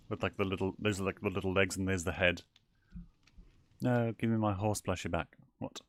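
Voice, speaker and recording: Casting: man playing a theatrical male owl demon prince, lower-voiced, fond of "darling", streaming a game. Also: fairly bright tone, dry recording. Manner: theatrical, calls people darling, giggly. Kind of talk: in-character gameplay livestream.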